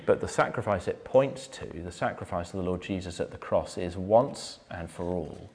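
A man preaching a sermon, earnest, building to loud emphatic points and then dropping to a soft, low close. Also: moderate pace, gravelly.

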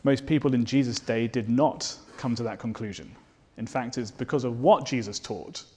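Male preacher, mid-pitched, earnest sermon delivery that builds to fervent declarations. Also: normal speed, darkish tone, husky. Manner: rhetorical questions to the listeners.

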